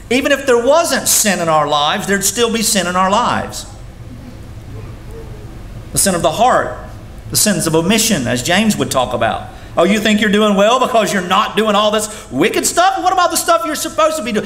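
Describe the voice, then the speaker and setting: High-voiced preaching man in an echoey church. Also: fairly bright tone. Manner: preaching with sudden rises and drops in pitch. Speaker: pastor. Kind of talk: sermon. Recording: echoey room sound with faint noise.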